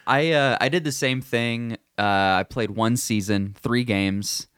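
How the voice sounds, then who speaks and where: A man's voice: medium pitch, measured pace, a bit bright, smooth, no room sound. A man co-hosting a podcast, trading dry jokes and reading headlines aloud in casual chat. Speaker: podcast co-host.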